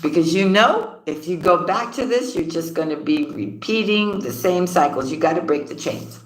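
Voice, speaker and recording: A woman's voice: lowish voice, animated, normal speed, few pauses, a little hiss or hum. A woman giving a casual tarot reading, laughing often and repeating her phrases. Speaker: tarot card reader. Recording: roomy echoey room.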